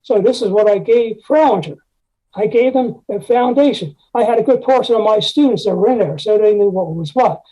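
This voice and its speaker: A man's voice: high voice, a little fast, warm tone, rough recording. An older man, a retired music teacher, telling rambling anecdotes in an interview and scat-singing musical articulations. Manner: rambling anecdotes with frequent "you know" and scat-sung articulations. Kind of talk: conversational storytelling interview.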